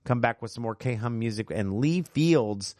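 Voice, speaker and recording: A man's voice: medium pitch, animated, measured pace, darkish tone. A male radio host chatting casually and playfully, reading local listener announcements with folksy asides. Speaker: radio morning show host. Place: radio studio. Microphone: studio microphone.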